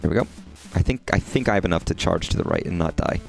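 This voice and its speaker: Man streamer, low voice, very lively pitch, rambling and profane, faint music behind. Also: fast talker, vocal fry. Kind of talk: casual gameplay livestream chat.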